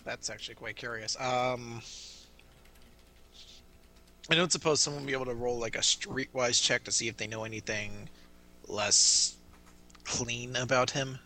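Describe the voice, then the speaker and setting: A young man playing a tabletop game, playful and animated. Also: medium pitch, a little slow, pauses often, a little hiss or hum. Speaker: player. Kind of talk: tabletop roleplay.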